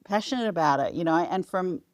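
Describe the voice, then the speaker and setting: A woman's voice: lowish voice, expressive, brisk, no room sound, clean studio sound. A woman co-hosting a podcast who talks emphatically and readily agrees with the others. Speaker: podcast co-host. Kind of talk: casual discussion.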